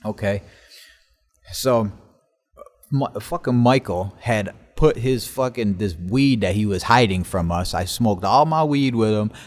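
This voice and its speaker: A man's voice: lowish voice, a little slow. A man hosting his own podcast, telling rambling stories in casual talk and swearing constantly, recorded on a laptop in a basement workshop. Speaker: podcast host. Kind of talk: casual solo storytelling. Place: basement workshop in an old house.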